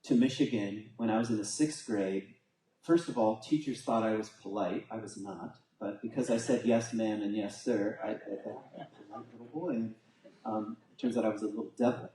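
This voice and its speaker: Male teacher at a spiritual community, casual rambling storyteller with a mellow tone, recorded from a distance in a reverberant hall. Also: lowish voice, fairly quick. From United States. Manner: casual, rambling storytelling with fillers and self-corrections. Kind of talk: storytelling talk to a congregation. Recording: echoey hall, voice from far off.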